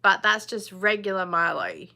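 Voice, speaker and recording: A woman's voice: mid-range voice, fairly even intonation, moderate pace, vocal fry, bright, forceful tone. A woman, hosting a casual live chat, chatty and blunt, laughing often. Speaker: live stream host.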